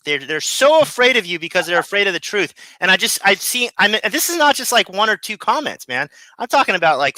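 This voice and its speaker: A man's voice: fairly high pitch, bright, forceful tone, no echo, poor audio. A man who is a guest and a former criminal, talking emphatically in casual chat, repeating himself and swearing freely.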